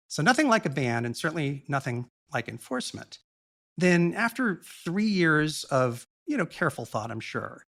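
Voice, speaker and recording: A man speaking as a podcast guest, explaining a topic in a long, measured and earnest monologue with the odd blunt aside. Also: fairly high pitch, vocal fry, a bit bright.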